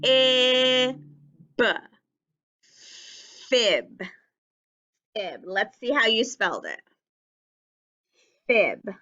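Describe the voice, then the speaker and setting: A woman teaching a phonics lesson to young children, stretching out words and spelling them letter by letter with careful, clear enunciation. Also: a little high, sing-song, drawn-out words, pushed and bright, dull audio.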